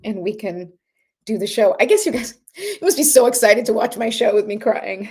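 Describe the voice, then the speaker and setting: Woman, husky voice, tearful, earnest, rambling livestream host, guided breathing. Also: medium pitch, lively intonation, moderate pace, darkish tone. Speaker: oracle card reader hosting a live show.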